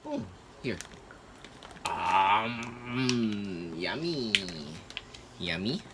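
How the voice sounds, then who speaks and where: A man's voice: lowish voice, lively intonation, extremely slow. A father quizzing his children at home in a playful, sing-song, coaxing way with lots of praise. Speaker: father playing a snack guessing game with his children. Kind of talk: playful home video chat with kids. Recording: noisy home recording.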